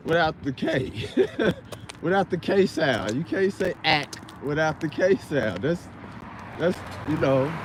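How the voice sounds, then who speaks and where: A man's voice: a little high, slight background noise. A man from Chicago with a Chicago accent, hosting a casual livestream rant and rambling, often stopping to search for words. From Chicago, USA. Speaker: livestream host.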